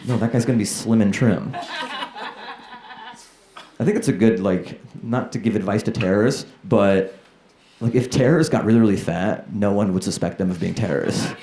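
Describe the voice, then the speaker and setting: A man's voice: fairly low pitch, normal speed, mellow. A man performing a stand-up comedy set, chatting loosely with the crowd and acting out voices. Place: comedy club stage. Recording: roomy club with crowd laughter. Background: laughing audience.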